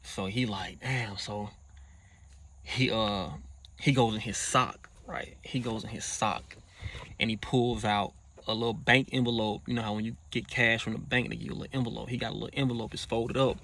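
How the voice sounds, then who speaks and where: A man's voice: fairly low pitch, steady tone, normal speed, fairly bright tone, a little hiss or hum. A man casually recounting a personal story in profane slang, acting out quoted lines in a raised voice. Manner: profane slang-heavy talk.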